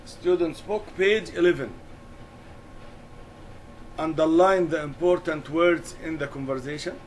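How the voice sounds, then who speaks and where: A man teaching an English lesson, explaining slowly and deliberately and repeating key words. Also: fairly high pitch, slight background noise, rough recording.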